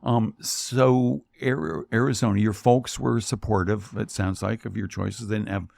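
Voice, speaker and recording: A man's voice: lowish voice, fairly even intonation, normal speed, vocal fry, darkish tone, dry recording. A man hosting a radio interview, asking easy questions with dry, teasing asides. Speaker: radio host. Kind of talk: casual interview.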